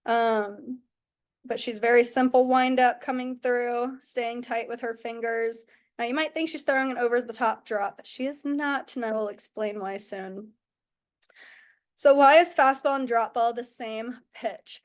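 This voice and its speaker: A young woman who coaches softball pitching, telling stories in a chatty way with many "like"s. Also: steady tone, measured pace. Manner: chatty, lots of "like" and "oh my goodness". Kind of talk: casual coaching talk with storytelling.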